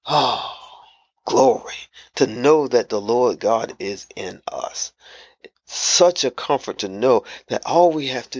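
A man preaching a devotional sermon, slow and emphatic, repeating key phrases. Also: mid-range voice, dry recording, dull audio.

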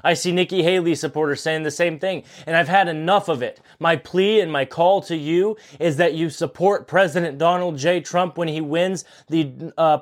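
A man in his twenties hosting his own podcast, giving an impassioned political monologue in an earnest, pleading way, repeating himself for emphasis. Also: a little high. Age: 20s. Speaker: podcast host.

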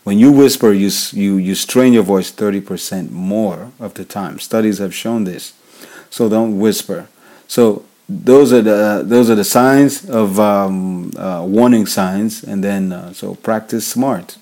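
Nigerian man with a mellow, low voice. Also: measured pace. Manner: repetitive, restates key points, frequent fillers. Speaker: worship leader podcast host. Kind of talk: casual instructional talk.

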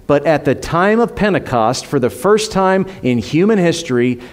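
A man preaching a sermon to a congregation, emphatic, climbing on rhetorical questions and dropping soft for effect. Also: fairly high pitch. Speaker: pastor. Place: church.

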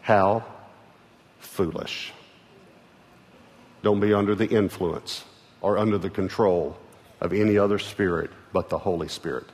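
A man with a Texan accent preaching a sermon as pastor, earnest, repeating words, moving from loud calls to hushed lines. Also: low voice, steady tone, moderate pace. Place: large church auditorium. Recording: large hall reverb with soft music.

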